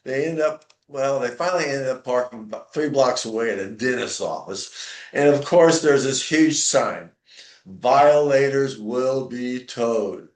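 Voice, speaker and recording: A man's voice: mid-range voice, animated, normal speed, echoey room. A man co-hosting a podcast, telling a comic story with lots of ums and uhs. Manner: chatty, filler-heavy telling. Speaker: podcast co-host.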